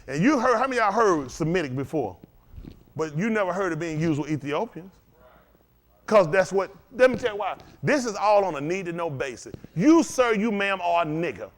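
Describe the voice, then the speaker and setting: A man preaching a sermon to a congregation, firing questions at the crowd and swinging between loud and low. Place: congregation hall.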